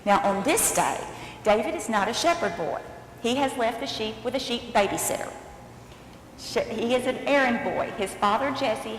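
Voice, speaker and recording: Woman pastor, animated story sermon, echoey church, faint noise. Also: a little high. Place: church sanctuary.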